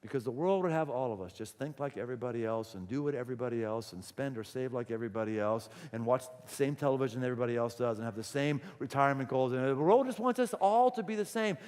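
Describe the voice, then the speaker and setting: A man's voice: medium pitch, fast, few pauses, darkish tone, big-room sound. A male pastor preaching a sermon, telling the story dramatically and animatedly. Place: church auditorium.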